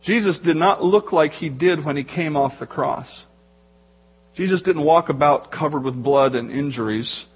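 Husky-voiced man preaching a sermon. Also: a little high, normal speed, highs cut off. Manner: animated storytelling, acts out voices in quotes. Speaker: pastor.

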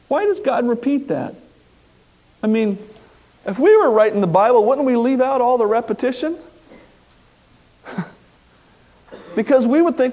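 A male pastor preaching a sermon in an animated way, acting out the quoted voices. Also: very high voice, a little slow, pauses often.

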